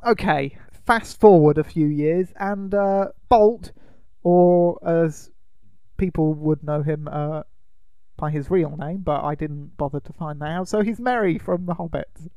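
Gravelly man, rambling recap. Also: a little high, measured pace, dark tone, no echo. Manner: rambling, with many ums and uhs. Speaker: podcast co-host. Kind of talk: casual chat recapping a film.

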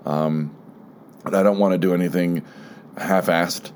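A man with a very low voice hosts his own podcast alone, rambling through his thoughts with lots of fillers, restarts and searching for words. A slight frog sits in his throat, and faint room noise hums behind him. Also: fairly even intonation, unhurried, a little mellow. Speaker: podcast host. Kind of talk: casual solo monologue.

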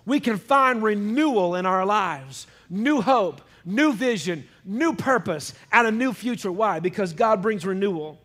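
Emphatic high-voiced male preacher. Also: fairly bright tone. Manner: emphatic, calls out questions to the congregation. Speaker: pastor. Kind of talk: sermon.

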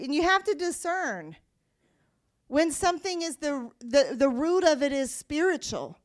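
A high-pitched woman delivers a sermon. She speaks emphatically, pressing her key points with forceful declarations, and drops to a quicker, softer voice when reading scripture aloud. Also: big pitch swings. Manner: reads scripture aloud in a quieter, faster voice. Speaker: preacher.

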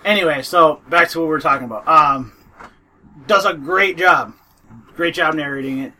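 Husky, bright-voiced man chatting casually. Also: on the high side, moderate pace. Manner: rambling, loses his train of thought. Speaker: podcast co-host. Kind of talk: casual chat about books.

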